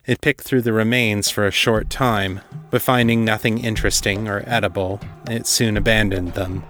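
A man hosting a podcast, reading a dark fantasy story as scripted narration in a measured, deliberate way. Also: lowish voice, fairly even intonation, faint music behind.

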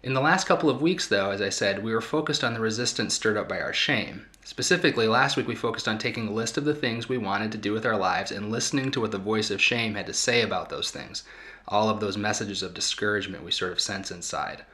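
A man with a fairly low voice and a bright, forceful tone hosts a reflective talk for his audience. He speaks earnestly as a therapist and often pauses to find the right words. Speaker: host and therapist.

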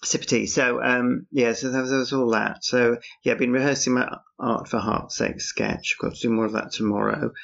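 A man's voice: mid-range voice, level tone, a little fast, vocal fry, hardly any pauses, a bit bright. A man talking outdoors on a street at night in a rambling, casual monologue, with wry, dryly sarcastic asides. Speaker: podcaster. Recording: dull, muffled lo-fi recording.

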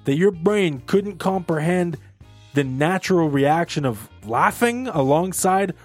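An animated man chatting with friends on a podcast, his voice rising and falling widely. He sits slightly high for a man, with faint music under the talk. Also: a little slow. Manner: animated, imitates laughs. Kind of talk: casual chat.

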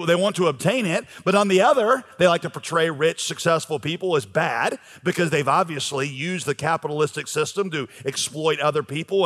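This man's voice is a little high and fairly bright as he preaches to a church sanctuary. He talks like a pastor in conversation, leaning often on fillers, while the long reverb of a big hall hangs over everything.

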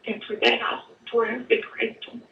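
A woman giving an earnest personal testimony, halting and at times choked up, in an echoey room away from the mic. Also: a little high, flat delivery, vocal fry, distant mic, phone-quality sound, a little hiss or hum. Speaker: guest telling her story.

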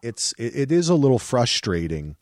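A man co-hosting a podcast in casual chat, animated and profane, with frequent restarts. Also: medium pitch, normal speed, no room sound. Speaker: podcast co-host.

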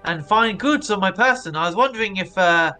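A man's voice: sits high, expressive, bright, forceful tone, soft background music. A man voicing a pompous male merchant in a tabletop game. He speaks formally and halts often. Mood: evasive. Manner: halting and formal, full of hesitations.

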